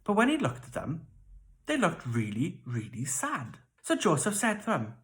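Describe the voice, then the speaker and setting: A children's church leader with a Welsh accent, telling a Bible story to kids in a playful, expressive way. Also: mid-range voice, normal speed.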